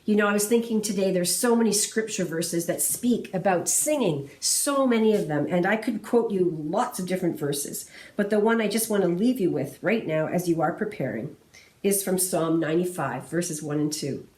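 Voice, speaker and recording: A woman giving a singing lesson, explaining diction, phrasing and breathing in a clear, encouraging, methodical way. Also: lowish voice, normal speed, a little mellow. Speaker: vocal music instructor. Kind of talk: instructional talk to singers. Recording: roomy sound from a distance.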